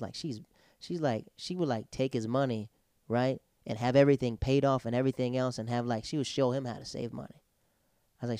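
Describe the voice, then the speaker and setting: Brief: lively male storyteller, smooth clear tone, close dry sound. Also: medium pitch, quick pace, no room sound. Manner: animated storyteller, acts out quotes. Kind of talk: casual chat.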